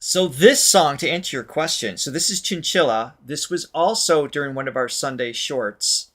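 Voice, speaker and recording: A man's voice: a little high, animated, moderate pace, a bit bright. A man co-hosting a music reaction show as vocal coach, chatting animatedly and laughing often. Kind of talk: casual music reaction chat.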